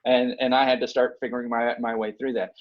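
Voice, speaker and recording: A man's voice: medium pitch, level tone, fairly quick, highs cut off. A man speaking as a guest on a podcast, giving earnest, emphatic advice and often checking in with "okay?" and "right?". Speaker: guest, university director of bands. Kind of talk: conversational advice.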